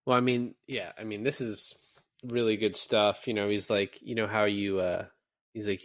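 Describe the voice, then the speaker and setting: Guy on a movie podcast, lowish voice, dry room, gets fired up retelling scenes and cusses a lot. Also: normal speed, dry recording. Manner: animated, retells scenes with lots of swearing. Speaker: podcast co-host. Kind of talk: casual movie review chat.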